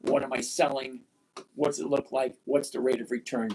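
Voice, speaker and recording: A man in his sixties hosting a live stock-trading chat, blunt and emphatic, repeating key points slowly. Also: mid-range voice, flat delivery, darkish tone, a little hiss or hum. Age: 60s. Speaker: livestream host.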